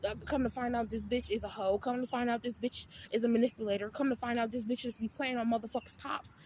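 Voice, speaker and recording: Blunt, high-voiced woman ranting outdoors. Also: fast talker, slight background noise. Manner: profane, blunt, animated storytelling; acts out her own retorts in a raised voice. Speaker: vlogger. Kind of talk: casual storytime rant.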